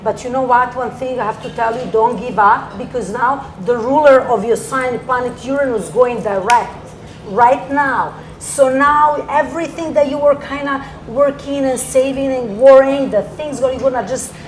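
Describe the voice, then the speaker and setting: Brief: woman guest astrologer, slightly high voice, rambling earnest advice, faint background hiss. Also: steady tone, normal speed. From from Toronto area. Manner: rambling, earnest advice-giving with broken grammar. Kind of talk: casual talk show chat.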